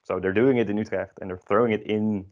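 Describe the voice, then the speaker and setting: A man's voice: lowish voice, fairly even intonation, quick pace, muffled recording. A man teaching an online grammar lesson, explaining patiently with many ums and restarts. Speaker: Dutch language teacher.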